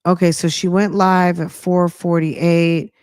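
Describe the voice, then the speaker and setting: A woman's voice: on the low side, flat delivery, measured pace, a little mellow, clear, resonant tone, dry recording. Chatty woman host, dry sound. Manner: chatty, retells the clips. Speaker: podcast host. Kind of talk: casual true-crime commentary.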